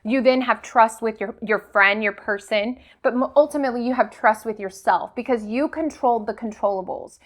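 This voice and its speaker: A woman's voice: a little high, a bit bright. A woman hosting a motivational business talk, coaching her audience with rhetorical questions and frequent "okay?" checks.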